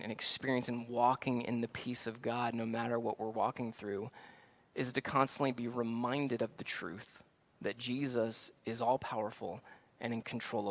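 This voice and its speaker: A man preaching a conversational sermon as pastor, swinging from hushed reflection to loud, excited acted-out scenes. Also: medium pitch.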